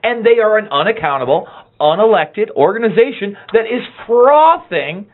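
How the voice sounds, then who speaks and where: A man's voice: sits high, big pitch swings, moderate pace. A man co-hosting a political commentary show, speaking in a heated, emphatic way. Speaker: co-host. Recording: tinny phone-like line.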